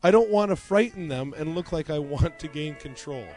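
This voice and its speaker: A man's voice: fairly high pitch, moderate pace, darkish tone, soft background music. A man co-hosting a podcast, reading listener questions and cracking jokes. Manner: wisecracking, reads listener questions. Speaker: podcast co-host. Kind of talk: casual podcast banter.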